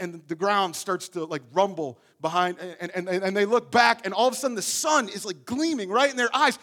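A man's voice: very high-pitched, bright, forceful tone. A man preaching a sermon, telling the story with energy and often repeating his words as he goes. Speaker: pastor.

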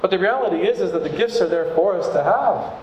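A man's voice: sits high, animated, fast talker, a little mellow, muffled recording, a little hiss or hum. Man preaching in an echoey church. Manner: conversational, earnest preaching. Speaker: pastor. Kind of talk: sermon. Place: church hall. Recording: echoey hall with room ambience.

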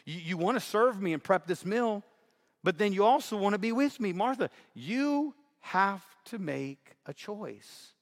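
A man voicing a calm, wise teacher who talks in an easy, conversational way, gently persuading. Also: sits high, unhurried, long reverb tail, pitched above the performer's own voice. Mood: gentle. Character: calm, wise male teacher, laid-back.

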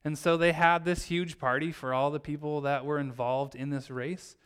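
Clear-voiced pastor telling a story. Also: male voice, on the high side, moderate pace. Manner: storytelling, acts out the characters' lines with lively shifts. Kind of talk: sermon.

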